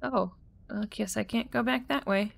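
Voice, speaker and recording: A woman's voice: on the high side, normal speed, gravelly. A young woman streamer giving casual, joking gameplay commentary, swearing freely and talking to her chat.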